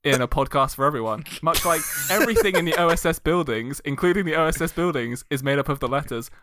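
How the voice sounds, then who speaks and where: Deadpan joking male podcast guest. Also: on the high side, fast, dry recording. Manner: deadpan comic. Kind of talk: casual podcast chat.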